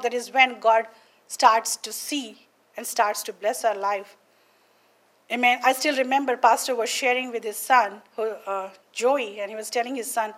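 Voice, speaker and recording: A woman from India, preaching a testimony sermon on a podcast and often asking her listeners "Amen?". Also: a little high.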